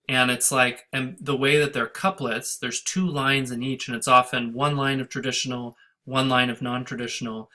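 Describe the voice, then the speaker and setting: In a recorded lecture on poetry scansion, a man with a sharp, medium-pitched voice thinks aloud, restarting his sentences, and reads verse lines in a sing-song rhythm.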